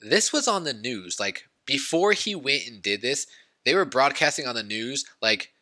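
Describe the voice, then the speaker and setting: A man's voice: mid-range voice, sing-song, moderate pace, pushed and bright, no echo. A man in his twenties casually rambling through gaming news in a chatty, self-deprecating way. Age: 20s. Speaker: YouTube news host.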